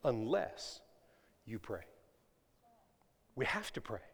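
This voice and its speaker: A man preaching a sermon to his congregation, swinging between loud emphatic lines and hushed ones and asking them questions. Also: medium pitch, big pitch swings, slow pace, vocal fry, slight background noise. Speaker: pastor. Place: church sanctuary. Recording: long reverb of a large hall.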